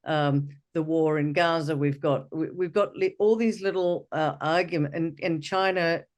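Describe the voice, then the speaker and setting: A man's voice: fairly high pitch, moderate pace. A man hosting an interview, asking loose conversational questions and adding short murmurs of agreement. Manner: conversational, backchanneling. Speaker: podcast host.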